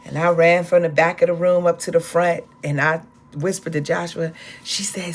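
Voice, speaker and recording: A woman preaching with a lower-pitched voice. Her delivery is impassioned and climbs to high, ringing cries as she draws in her listeners. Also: steady tone, normal speed, slight background noise. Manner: impassioned, rising to high exclamations; speaks of the Spirit, call-and-response. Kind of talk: sermon.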